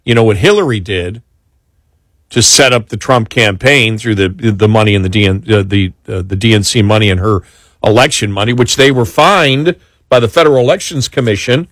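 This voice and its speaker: A man hosting a political talk show, talking in an exasperated, animated way with many restarts. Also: fairly low pitch, fairly quick, no room sound, studio quality. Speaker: talk radio host.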